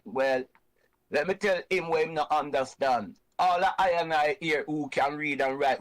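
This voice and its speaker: A man's voice: a little high, lively intonation, measured pace, fairly bright tone, poor audio. A Jamaican man hosting an online show who argues with passion, preaching and repeating his points for emphasis. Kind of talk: impassioned reasoning talk.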